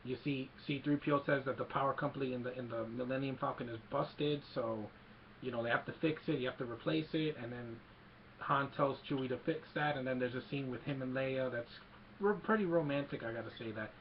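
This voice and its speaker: A man's voice: mid-range voice, fairly quick, a little hiss or hum. A man giving a casual, rambling film recap, retelling scenes and quoting lines, on a slightly dull lo-fi home recording. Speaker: movie reviewer.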